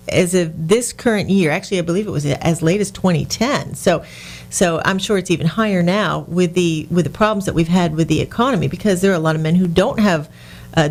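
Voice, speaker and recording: A woman hosting a business radio talk show, indignant and sarcastic, with frequent restarts. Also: fairly low pitch.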